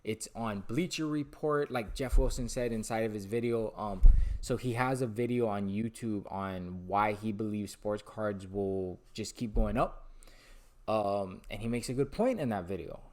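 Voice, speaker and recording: A young man talking excitedly to camera about sports card investing, rambling and losing his train of thought. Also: fairly low pitch, a little slow. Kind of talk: casual talking-head monologue.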